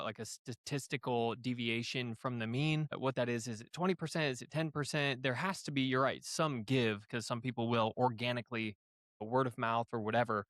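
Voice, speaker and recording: A man's voice: medium pitch, a bit bright, no echo, studio quality. A man hosting a podcast, who agrees often and asks musing questions. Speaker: podcast host. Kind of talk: casual interview conversation.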